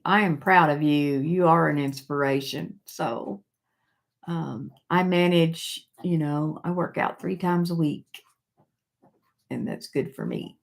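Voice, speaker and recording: Slow-talking older woman chatting on a live stream. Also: low voice, gravelly. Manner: halting and chatty, with many fillers and restarts. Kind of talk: casual live-stream chat, reading viewer comments aloud.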